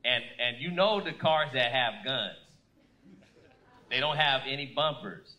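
A man doing a stand-up comedy set, telling a story slowly and deliberately until it builds to shouting. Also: medium pitch, lively intonation. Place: comedy club stage. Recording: noisy live club recording.

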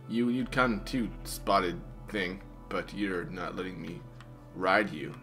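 A man's voice: sits low, slow pace, sharp tone, soft background music. A man casually commenting on his video game play, playful and chatty, talking to the animals in the game. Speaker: gamer.

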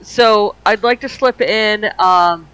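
A man's voice: sits high, takes it slowly, sharp tone, clean tone, dry recording, poor audio. A man playing in a tabletop game, thinking aloud about his moves in a tentative way. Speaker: player.

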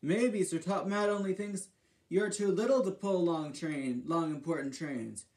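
A man's voice: high voice, measured pace, a little mellow. A man doing a teasing big-brother steam engine.

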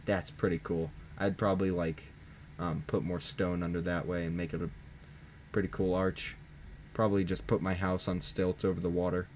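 A teenage boy casually commenting on his own gameplay into a desk mic, chatty and jokey, thinking out loud and poking fun at himself. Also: sits low, level tone, normal speed, slight background noise. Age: teens. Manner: chatty, jokey, self-mocking, thinking aloud. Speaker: gaming channel host. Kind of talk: casual let's-play commentary. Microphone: desk microphone.

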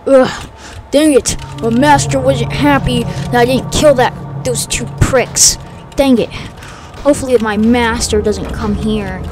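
A woman's voice: fairly high pitch, a little slow, close to an everyday voice. A woman voicing a sulky villain henchman. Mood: grumbling. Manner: sulky and mean, gleefully smashing things. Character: grumbling villain henchman serving a cruel master. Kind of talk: game machinima voice acting. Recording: background music under the voice.

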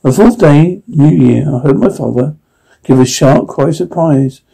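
A man reading a classic story aloud in the first person, with frequent halting restarts. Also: on the high side, expressive, creaky, mellow, breathy edge, poor audio. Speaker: audiobook reader.

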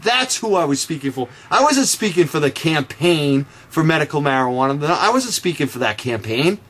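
A man with a voice on the high side, big pitch swings, and a brisk pace fires off a sarcastic, combative rant to camera, naming the opponent he's rebutting. He's an activist for marijuana reform.

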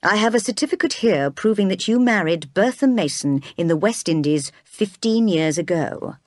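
A woman reads as a calm, formal storybook lawyer who speaks quietly. The sound is dry and close. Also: mid-range voice, moderate pace, no room sound, natural voice.

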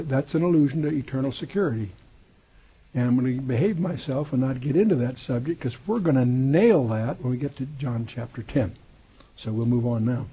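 A man's voice: mid-range voice, vocal fry, warm tone, husky, dull audio. A man teaching a verse-by-verse Bible study in a conversational way, with wry asides and digressions.

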